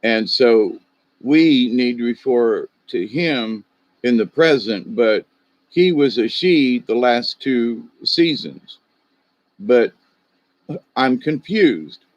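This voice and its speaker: A man's voice: medium pitch, expressive, takes it slowly, no room sound, lo-fi sound. A middle-aged man with a Southern US drawl, hosting a casual livestream chat, rambling and chuckling as he talks to viewers by name. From American South. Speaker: livestream host.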